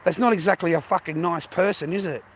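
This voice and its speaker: An Australian man vents in a bitter, aggrieved rant, swearing constantly and circling back to the same complaints. His voice sits a touch higher than most men's. A faint hum of background noise stays under him. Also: fast. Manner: aggrieved, heavy swearing, repetitive. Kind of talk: angry personal rant.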